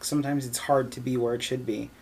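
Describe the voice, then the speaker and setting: A man leads a relaxed group conversation as the youth leader, speaking thoughtfully and guiding the others. His voice sits at an ordinary pitch. A faint hiss runs under the recording. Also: quick pace, vocal fry. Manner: thoughtful, steers the talk. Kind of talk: casual group discussion.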